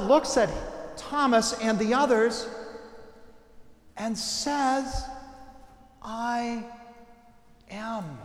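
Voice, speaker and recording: A man preaching a sermon, telling stories with a lively delivery that swings from loud bursts to hushed, quiet lines. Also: very high voice. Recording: echoey hall, long reverb.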